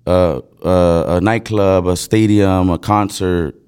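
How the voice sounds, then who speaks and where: A man's voice: low voice, fairly even intonation, slow, a little mellow, smooth. A man who works as a DJ, talking casually on a podcast with loose, filler-heavy storytelling.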